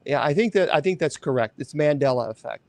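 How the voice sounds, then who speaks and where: A man hosting a show, chatting casually in a rambling, animated way, often correcting himself. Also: a little high, fast talker, creaky, no room sound. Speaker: host. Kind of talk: casual chat.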